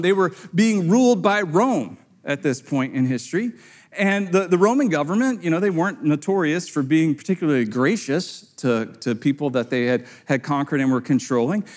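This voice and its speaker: A man with a fairly high, very lively voice preaches a sermon in an easygoing, conversational way. He slips into quick character voices for the people in his story, and his pitch leaps about as he does. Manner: conversational, acts out quoted voices with sudden high pitch jumps. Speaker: pastor.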